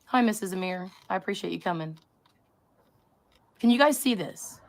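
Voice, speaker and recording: A woman's voice: mid-range voice, normal speed. A woman hosting a live stream, talking to her chat in a rambling, conspiratorial way and often interrupting herself. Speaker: livestream host.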